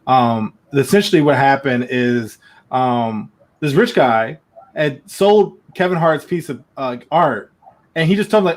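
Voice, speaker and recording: A man's voice: medium pitch, lively intonation, moderate pace. A man co-hosting a comedy podcast, joking loosely and riffing in casual chat. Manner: joking, loose, puts on a fake French accent. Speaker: podcast co-host.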